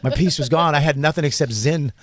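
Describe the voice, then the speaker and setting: A comedian tells a story in a loose, profane rush and laughs through it. His voice sits a little high for a man. He keeps it animated from start to finish. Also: fast, crowd noise. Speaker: podcast host, comedian. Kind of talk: casual storytelling chat.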